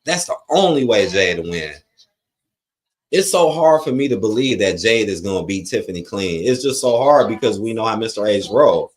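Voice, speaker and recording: Man, fairly low voice, blunt and profane, rambling live commentary, reads chat aloud. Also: lively intonation, normal speed. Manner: blunt, profane, opinionated rants; loose, rambling with frequent fillers. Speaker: live stream watch-along host.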